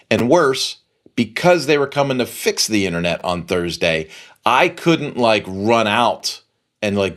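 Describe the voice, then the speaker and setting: A middle-aged man hosting a podcast, telling a long story in a casual, rambling way and repeating phrases for emphasis. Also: on the low side. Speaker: podcast host.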